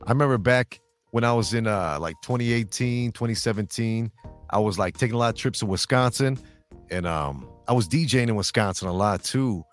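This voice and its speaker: A man with a Chicago accent, a DJ co-hosting a talk show, chatting casually and telling stories in an animated way. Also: fairly low pitch, brisk, faint music behind. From Chicago, USA. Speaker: DJ and co-host. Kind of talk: casual chat.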